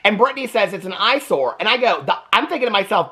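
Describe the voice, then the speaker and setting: Sassy fast-talking man recapping TV. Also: high-pitched, slightly rough. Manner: sassy, animated, keeps adding "okay?". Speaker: TV reaction vlogger. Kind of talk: casual TV recap commentary.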